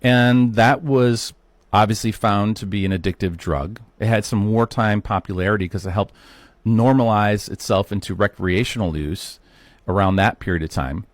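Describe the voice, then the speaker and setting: A man's voice: on the low side, moderate pace, dry recording. A man in his fifties giving a casual solo talk, walking viewers through a history with chatty, rhetorical asides. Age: 50s. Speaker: health talk host. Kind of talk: solo educational monologue.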